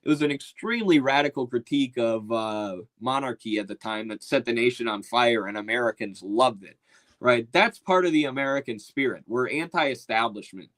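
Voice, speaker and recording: Male commentator, casual and mocking, mid-pitched. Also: moderate pace, fairly bright tone, poor audio. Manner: loose, slangy and mocking. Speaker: political commentator.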